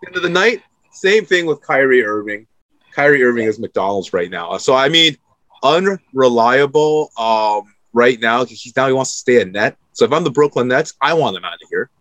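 A man co-hosting a casual sports podcast, giving jokey and animated opinions. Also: medium pitch, moderate pace, no echo. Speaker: podcast co-host.

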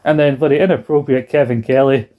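A man's voice: mid-range voice, fairly even intonation, fast, narrow, tinny audio. A British man co-hosting a podcast in casual chat, rambling and acting out quoted lines in a raised put-on voice. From Britain. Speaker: podcast co-host.

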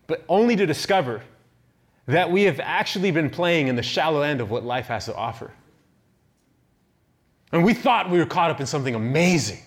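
A middle-aged male pastor, mid-range in voice, preaches while telling a self-deprecating personal story with lots of animation.

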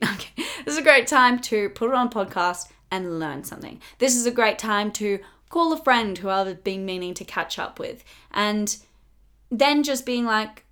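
A young woman hosting a casual self-help podcast, chatty and bubbly, full of fillers and quick laughs. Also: medium pitch, lively intonation, fairly bright tone, clear, resonant tone. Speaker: podcast host.

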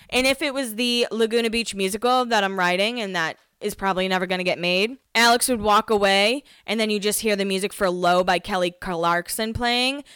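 A young woman hosting a casual recap at home, gossipy and jumping between topics, acting out quotes in a higher voice. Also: fairly bright tone, clear, resonant tone, dry recording, clean studio sound. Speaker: podcast host recapping a reality show. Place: home, alone.

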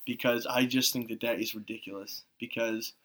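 A man co-hosting a podcast in relaxed, casual chat. His voice is bright and forceful at a middle pitch, and his opinions come out blunt and plain. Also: moderate pace. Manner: blunt, opinionated, frequent filler restarts. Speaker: podcast co-host.

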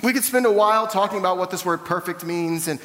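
A man's voice: high voice, quick pace, fairly bright tone, big-room sound. A young man from the South, preaching a sermon in a church and telling candid, self-deprecating stories. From American South. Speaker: pastor. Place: church hall.

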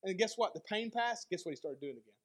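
A male pastor giving a sermon, telling a personal story in a conversational, animated way. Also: high voice, fast. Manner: conversational storytelling with lively dynamic swings.

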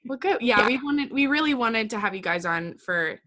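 Bright, gushing woman podcast host. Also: on the high side, lively intonation, normal speed. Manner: gushing, enthusiastic, laughs often. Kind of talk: casual podcast chat.

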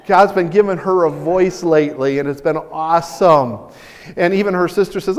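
A man preaching a sermon as pastor, animated and excitable, often stumbling and restarting as he speaks. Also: fairly high pitch, moderate pace, in a large hall. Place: church sanctuary.

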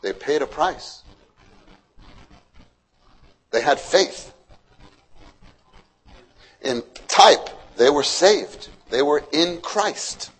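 Husky male preacher, storytelling sermon, keeps throwing questions at the room. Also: fairly high pitch, drawn-out words, pauses often, poor audio. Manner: questions to the congregation, animated storytelling.

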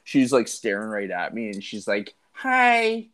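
A man co-hosting a casual podcast, telling stories in an animated way and swearing freely. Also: fairly low pitch, a little fast. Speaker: podcast co-host.

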